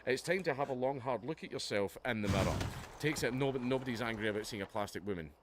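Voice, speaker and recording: Guy on a livestream ranting, swearing a lot, sarcastic, steady background noise. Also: medium pitch, quick pace. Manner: heated, profane, sarcastic. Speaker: livestream host. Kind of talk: ranting reaction commentary.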